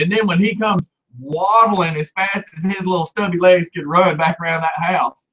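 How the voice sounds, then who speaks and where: A man tells a rowdy story in casual chat, high-pitched and bright-toned. He throws himself into the quoted voices and laughs often. The sound is dull and lo-fi. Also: steady tone, moderate pace, few pauses.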